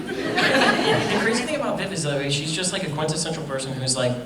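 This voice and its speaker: A voice actor on a convention panel, talking in an animated, scattered way and swearing casually. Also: male voice, on the high side, normal speed, very noisy. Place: large convention hall. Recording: roomy hall, distant mic, crowd.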